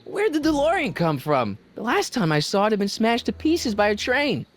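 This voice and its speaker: A man's voice: high voice, wildly swooping pitch, exaggerated voice. A laid-back teenage boy. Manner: casual, quick reactions. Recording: game audio with faint background music.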